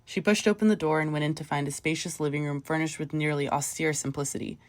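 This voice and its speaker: Low-voiced woman narrating a story. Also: steady tone, fast talker, dry recording. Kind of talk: audiobook short story narration.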